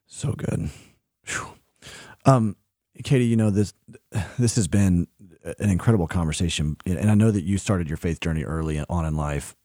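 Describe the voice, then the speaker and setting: Deep-voiced man hosting a faith podcast. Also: moderate pace, warm tone, no echo, studio quality. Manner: affirming, repeats "wow". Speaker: podcast host. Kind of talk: faith interview.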